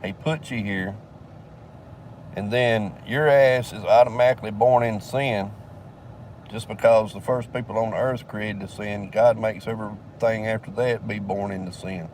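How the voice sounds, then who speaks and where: A man's voice: fairly low pitch, fairly even intonation, a little slow, darkish tone, distant mic, a little hiss or hum. An older man, telling a rambling, profane story in a casual drawl and laughing between lines. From southern United States.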